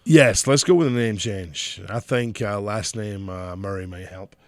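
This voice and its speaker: A man with a softened Scottish accent, co-hosting a podcast in casual, profane, joking chat. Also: lowish voice, a little slow, no room sound, clean studio sound. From Scotland. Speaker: podcast co-host.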